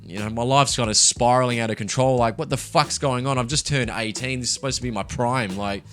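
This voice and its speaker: A man's voice: mid-range voice, a little fast, fairly bright tone, smooth, soft background music. A young man talking candidly and casually as a podcast co-host, swearing freely and laughing as he tells his story. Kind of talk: casual chat.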